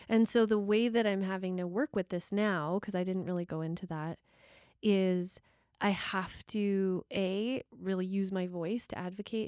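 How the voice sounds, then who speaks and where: A middle-aged woman co-hosting a relationship talk, emphatic and lively, with laughs breaking in as she makes her points. Her voice sits at an ordinary pitch for a woman and is recorded close and dry, with no room sound. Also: a little slow, clear, resonant tone, dry recording. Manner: animated, emphatic, laughs often. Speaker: podcast co-host.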